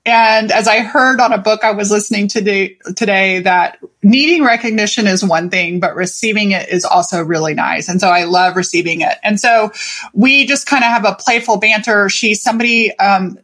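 A woman hosting a podcast as a life coach, talking in an animated, chatty and playful way and swearing casually. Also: medium pitch, normal speed. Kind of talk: solo podcast monologue.

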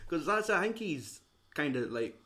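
A man's voice: on the high side, slow. A young man hosting a casual film chat, swearing a lot and acting out scenes as he retells them. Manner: swearing, animated retelling with put-on quotes.

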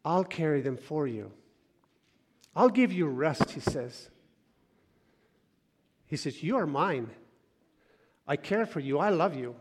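A man preaching a conversational sermon, repeating words and dropping quiet when he quotes scripture. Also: on the high side, lively intonation, takes it slowly, long pauses, breathy edge, in a large hall. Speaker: pastor.

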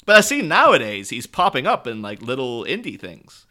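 An Irish man in casual podcast conversation about films, animated and quick to laugh. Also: mid-range voice. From Ireland. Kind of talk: casual film discussion.

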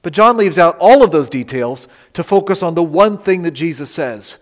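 A male pastor preaches in a slightly high voice that rings with the long reverb of a church hall. He swings from loud, emphatic lines to soft, almost whispered ones. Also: lively intonation, normal speed, hardly any pauses. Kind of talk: sermon. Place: church sanctuary.

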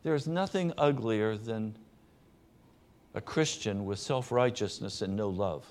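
A middle-aged man preaching a sermon as pastor, earnest, often dropping to a soft, low voice. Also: slow.

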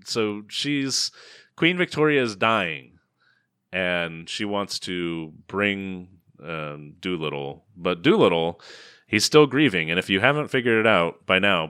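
Male podcast co-host, sarcastic, laughs a lot, animated delivery, dry close sound. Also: low-pitched, a little slow, clear, resonant tone, no echo. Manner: sarcastic, laughs often, trails off quietly. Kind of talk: casual film-review chat.

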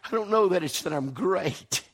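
A man preaching a sermon, impassioned and swinging between loud exclamations and quiet asides. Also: sits high, lively intonation, moderate pace.

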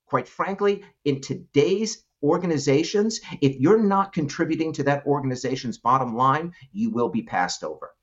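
A middle-aged man talks as an interview guest, telling a story with lots of swing in his voice and frequent laughs. He restarts words often and keeps it casual. The recording sounds a little dull and lo-fi. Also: mid-range voice. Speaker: guest, entrepreneur.

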